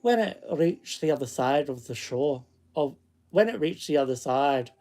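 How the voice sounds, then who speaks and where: Reading ghost stories aloud in a put-on Scottish accent, a man speaks at a moderate pace in a fairly high, expressive, darkish voice. The storytelling is casual, broken up by chatty asides between passages.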